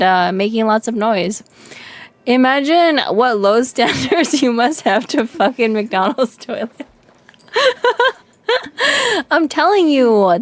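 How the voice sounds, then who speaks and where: A woman's voice: on the high side, no room sound. A woman streamer chatting casually on a livestream, telling crude stories with frequent giggles and lots of "like". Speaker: vtuber streamer.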